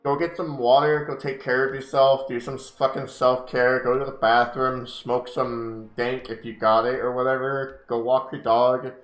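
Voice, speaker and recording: A man's voice: mid-range voice, flat delivery, moderate pace, hardly any pauses, fairly bright tone. A man hosting a casual book reading, breaking off into profane, heated rants between passages. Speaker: host reading a book aloud. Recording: roomy home recording with faint music.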